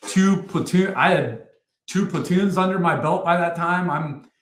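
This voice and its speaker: A middle-aged man with a fairly high voice tells his army stories as an interview guest. He talks bluntly and swears freely, circling back with fillers and restarts. His voice bounces around an echoey room. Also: measured pace. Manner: blunt and profane, rambling with many fillers and restarts. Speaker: guest, retired army first sergeant. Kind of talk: casual interview storytelling.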